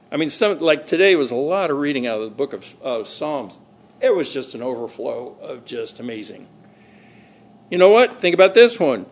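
A middle-aged male pastor preaching a sermon in a conversational, animated way, acting out little quoted exchanges. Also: fairly high pitch, moderate pace.

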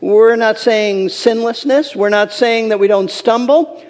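Pastor, male, high voice, emphatic sermon delivery, long hall reverb. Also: unhurried, a little mellow. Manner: earnest, emphatic preaching with scripture readings.

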